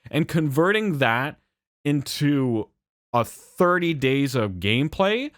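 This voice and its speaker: A young man telling a story in a casual rant, rambling and animated, with swearing and frequent fillers and self-corrections. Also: on the high side, slow pace, no room sound, studio quality. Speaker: channel host.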